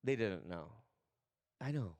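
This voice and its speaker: A man in casual podcast chat, an animated storyteller who swears freely and acts out scenes. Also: lowish voice, slow pace. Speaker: podcast guest, comedic actor.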